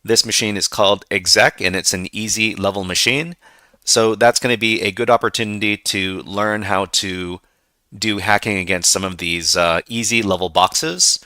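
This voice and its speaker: A man's voice: lowish voice, steady tone, moderate pace, pushed and bright, no room sound. A man hosting a livestream tutorial, talking in a loose, conversational and self-deprecating way. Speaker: host of a hacking livestream.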